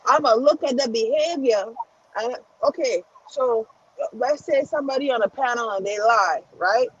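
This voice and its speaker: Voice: mid-range voice, normal speed, fairly bright tone, husky, lo-fi sound. A panel guest on an online chat, talking blunt and emphatic, acting out what they would say.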